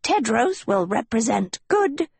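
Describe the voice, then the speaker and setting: A woman voicing a small gnome leader who calls out names in a raised, drawn-out voice. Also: on the high side, big pitch swings, vocal fry, darkish tone, husky, dry recording, pitched above the performer's own voice, exaggerated voice. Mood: announcing. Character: small gnome group leader, solemn announcer. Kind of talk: audiobook character voice.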